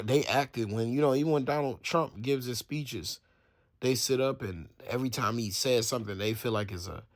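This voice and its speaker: Male Bible teacher, mid-pitched, reads verses, then riffs on them in street slang with quick acted-out lines. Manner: reads scripture then explains it in casual slang, acting out the people in the story; stumbles and restarts, thinks aloud while checking facts. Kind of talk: casual Bible study reading and commentary.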